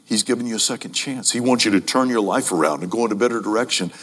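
A man with a fairly low, slightly rough voice preaches fast and emphatically to a congregation, repeating key phrases and addressing them as ladies and gentlemen.

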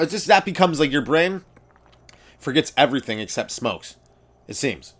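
A man's voice: mid-range voice, animated, moderate pace, fairly bright tone. A man, a comedian hosting his own podcast, rambling through profane stories in a casual monologue. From Canada.

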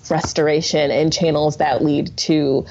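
A young adult woman, a podcast guest, telling stories in an animated way and often laughing through casual conversation. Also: sits low, a little slow, slight background noise. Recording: dull lo-fi sound.

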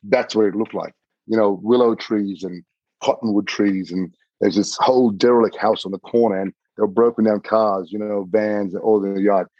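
Husky man telling a story. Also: lowish voice, fairly even intonation, moderate pace, darkish tone, no room sound. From Australia. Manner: vivid, repeats words, swears casually. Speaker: podcast guest. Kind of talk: animated personal storytelling. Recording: slightly muffled dry recording.

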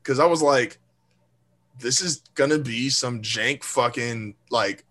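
A man co-hosting a podcast, telling a story in a casual, animated, profane way and acting out quoted lines. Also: medium pitch, takes it slowly. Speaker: podcast co-host. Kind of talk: casual chat.

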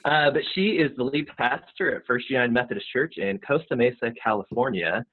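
A man co-hosting a podcast interview, relaxed and halting with many "uh"s. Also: mid-range voice. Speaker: podcast co-host. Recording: tinny phone-like line.

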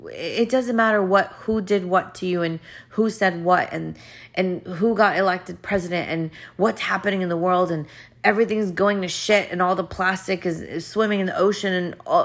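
A woman's voice: lowish voice, vocal fry, fairly bright tone. A woman hosting a podcast as a life coach, talking earnestly and with emphasis, often repeating her phrases. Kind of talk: motivational podcast monologue.

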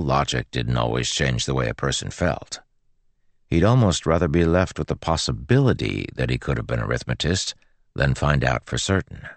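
A man narrating a novel as an audiobook, in a measured, even storytelling manner. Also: very deep voice, vocal fry, no room sound.

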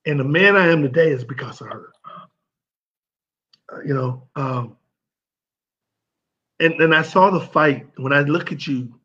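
An emotional man from St. Louis pays heartfelt tribute, stumbling over his words and repeating himself. His voice is husky. The recording is dull and lo-fi. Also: fairly high pitch, a little slow, pauses often, a bit bright. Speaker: former pro football player speaking at an event.

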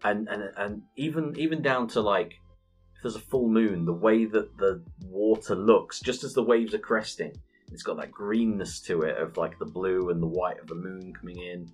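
Husky man telling a gaming story. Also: on the low side, normal speed, faint music behind. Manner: animated storytelling, swears freely, laughs often. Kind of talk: casual gaming chat.

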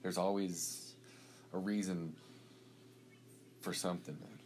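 A man's voice: deep voice, slow, slight background noise. A man co-hosting a casual faith podcast, talking loosely and repeating words as he goes. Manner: relaxed, repeats words as he talks. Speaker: podcast co-host.

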